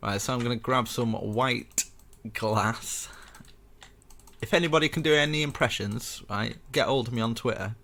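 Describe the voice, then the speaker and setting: A man's voice: medium pitch, normal speed, gravelly, fairly bright tone. A young man casually walking viewers through a building tutorial step by step, chatty and rambling with self-mocking asides.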